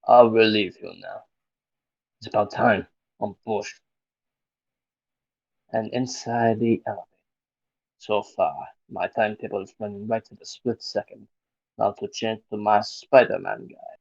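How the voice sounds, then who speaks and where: Male podcast co-host, gravelly and husky, casual read-aloud of a comic in silly voices, dull lo-fi recording. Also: on the low side, measured pace, pauses often, no echo. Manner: jumps in and out of goofy character voices, swears offhand.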